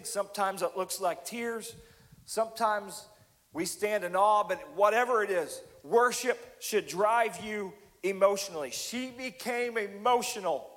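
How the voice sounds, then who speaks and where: Impassioned high-voiced preacher in a hall. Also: male voice. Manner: impassioned, rising to near shouts then dropping to hushed tones. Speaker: pastor. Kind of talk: sermon. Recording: long hall reverb.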